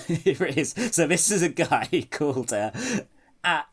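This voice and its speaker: A man's voice: fairly high pitch, lively intonation, a little slow, slightly rough. A man co-hosting a comedy podcast, chatting casually and swearing while laughing through his jokes. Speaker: podcast co-host.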